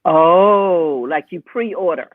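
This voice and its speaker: A man's voice: on the high side, very slow, dry recording. A man co-hosting a casual chat, chiming in often with short agreements. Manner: chimes in with frequent backchannels. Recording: tinny phone line.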